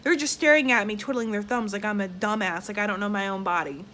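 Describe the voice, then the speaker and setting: This is a young woman with a Southern US accent, casually telling a personal story straight to her viewers. Her voice is bright and forward, and she is frank and profane. She animates the tale by acting out the people she quotes, with a faint hum of noise behind her. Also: medium pitch, quick pace. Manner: candid and blunt, with frequent profanity. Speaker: vlogger.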